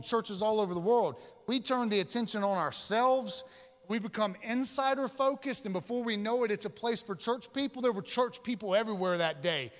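A male pastor preaching a sermon emphatically, with dramatic pauses and slowed key words. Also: high-pitched, fairly bright tone, long reverb tail.

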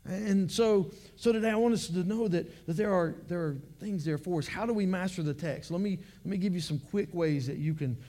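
A man's voice: sits high, fairly quick, few pauses, dark tone. A man pastor giving a conversational sermon to his church, often repeating words as he builds his points.

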